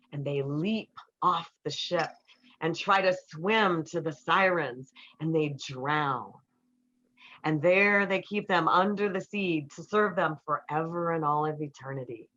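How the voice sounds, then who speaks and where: Middle-aged female speaker, animated storyteller, bright tone, dull lo-fi sound. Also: on the low side. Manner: animated storyteller who acts out quotes. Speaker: relationship counselor speaking to an audience. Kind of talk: storytelling talk to an audience. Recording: slightly dull, muffled recording.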